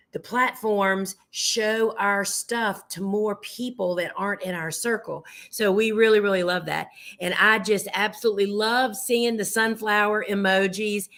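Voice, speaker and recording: Chatty woman, slightly hoarse. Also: medium pitch, fairly bright tone. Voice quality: chatty, homey, addresses viewers as friends. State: losing her voice. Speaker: flower farmer hosting a live show. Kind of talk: casual live gardening demonstration.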